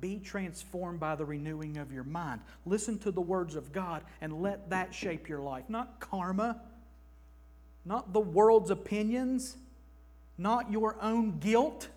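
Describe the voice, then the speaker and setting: Emphatic high-voiced male preacher. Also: takes it slowly, darkish tone. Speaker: pastor. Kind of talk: sermon. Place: church.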